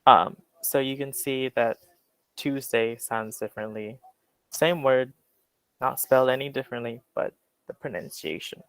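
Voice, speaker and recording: A man with a General American accent, teaching an English class in a relaxed, explanatory way with many fillers. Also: mid-range voice, unhurried, clean tone, no echo, poor audio. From Western United States. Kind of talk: classroom lecture.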